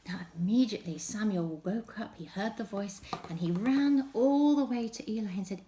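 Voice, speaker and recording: A woman leading a children's group, telling a story from home in an animated way that drops to whispers. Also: medium pitch, normal speed, few pauses.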